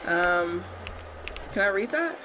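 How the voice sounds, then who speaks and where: A young woman giving casual, swear-filled commentary while playing a horror game and talking to her viewers, jumpy and quick to shriek. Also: medium pitch, lively intonation, background noise. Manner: chatty, swears a lot, talks to viewers; jumpy, shrieks when startled. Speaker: gaming streamer.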